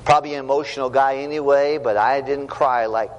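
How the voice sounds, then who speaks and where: A middle-aged man preaching a sermon to young people, earnest and storytelling, swinging from loud to hushed. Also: medium pitch, fairly even intonation, brisk, dull audio. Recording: long hall reverb, faint background noise.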